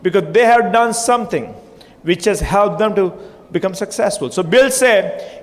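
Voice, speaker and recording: Man, motivational speaker, high voice, punchy and repetitive, hall reverb. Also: normal speed. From India. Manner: repetitive, punchy, audience-prodding. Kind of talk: motivational stage talk. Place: hotel conference hall.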